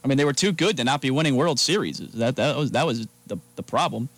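A man co-hosting sports radio, giving energetic, emphatic takes. The sound is dry and close, with no room in it. His pitch is middle of the road. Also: fast, no echo. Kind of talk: casual sports talk radio.

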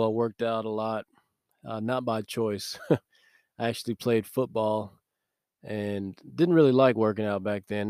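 A man with a low, smooth voice hosts a devotional podcast. He talks in a conversational, earnest way with easy laughs. He is recorded close and dry. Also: a little mellow, dry recording. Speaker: podcast host.

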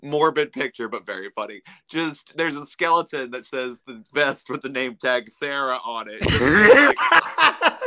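A man's voice: medium pitch, measured pace. A man co-hosting a podcast in casual chat, riffing animatedly with lots of "like"s. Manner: animated, riffing with many "like" fillers. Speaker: podcast co-host.

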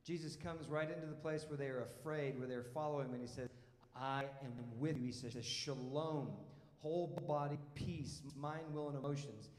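A man's voice: on the high side, fairly even intonation, normal speed. Preaching man in an echoing hall. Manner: emphatic, conversational preaching with rhetorical questions; repeats words as he restarts. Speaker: pastor. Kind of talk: sermon. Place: church hall. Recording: echoey hall with long reverb.

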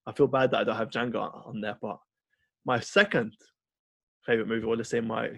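A man co-hosting a podcast, chatting casually and rambling through an animated story with lots of fillers. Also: mid-range voice, fairly quick, gravelly, no room sound. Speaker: podcast co-host. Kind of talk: casual film chat.

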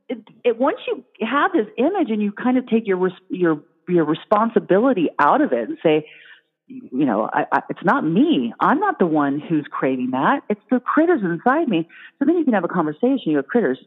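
A woman in casual conversation, telling an animated story and putting on playful little voices for imagined critters. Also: mid-range voice, normal speed, husky. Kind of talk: casual chat. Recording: phone-like sound in a long-reverb hall.

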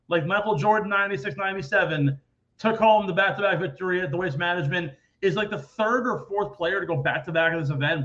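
A man hosting a casual sports podcast, talking in an animated, rambling way and acting out quoted people loudly. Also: fairly high pitch, highs cut off. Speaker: podcast host.

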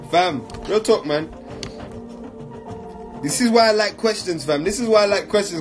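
A man's voice: sits high, slow, pauses often, music in the background. A man giving an emphatic, repetitive motivational talk in slang while answering audience questions.

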